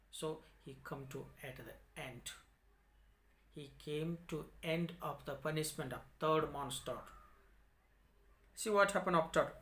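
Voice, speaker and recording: A male English teacher goes through a story lesson. He repeats each line and explains difficult words in simple terms. His voice is bright and somewhat high. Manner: repetitive, explains word meanings in simple words.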